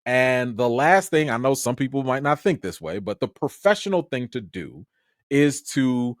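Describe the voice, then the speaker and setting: A man from Chicago, a film critic hosting his own channel, telling an excitable, slangy story on a livestream. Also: medium pitch, moderate pace, no room sound, clean studio sound.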